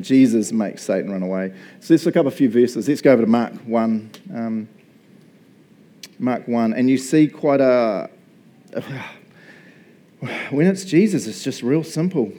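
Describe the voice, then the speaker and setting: Male pastor, mid-pitched and mellow, relaxed conversational preaching, frequent laughs. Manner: chatty, laughs often, asks "right?" a lot. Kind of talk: casual conversational sermon.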